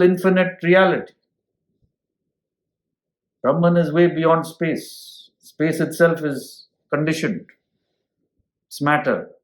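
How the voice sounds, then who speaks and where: Guy giving a scripture talk, kinda high voice, lots of "hmm?", roomy echo. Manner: explains with homely examples and asks listeners "hmm?". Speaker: spiritual teacher. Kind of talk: scripture lecture.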